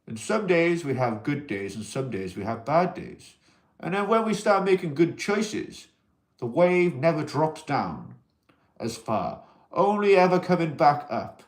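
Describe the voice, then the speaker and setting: Guy doing a chill livestream, kinda high voice that swings up and down a lot, rambly, reading out chat comments, odd accent. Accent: unplaced accent that viewers ask about. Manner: rambling, reads out and answers viewer comments; speaks as an alien persona addressing humans. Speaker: livestream host. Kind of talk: casual livestream chat about mental health.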